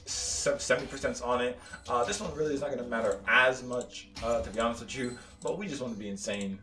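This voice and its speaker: A man's voice: mid-range voice, a bit bright. A young man casually commenting on his own gameplay, rambling with lots of "like" and "dude" and stammered repeats. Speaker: gaming YouTuber. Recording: roomy, slightly distant mic with faint game music.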